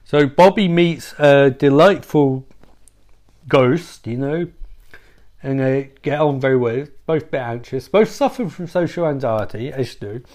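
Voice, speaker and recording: A man's voice: mid-range voice, a little slow, darkish tone. A man retelling a comic story in a rambling, profane, loose way.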